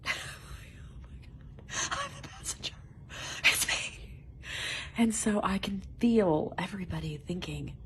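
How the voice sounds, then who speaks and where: Woman, low voice, gravelly, animated casual storytelling, faint background noise. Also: normal speed. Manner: animated, swears, laughs through the story. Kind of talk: casual personal anecdote.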